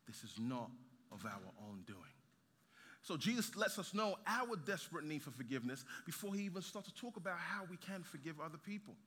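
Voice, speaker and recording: A man preaching a sermon, lively, with rhetorical questions and light humor. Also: a little high, brisk, husky. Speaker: pastor. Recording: reverberant hall.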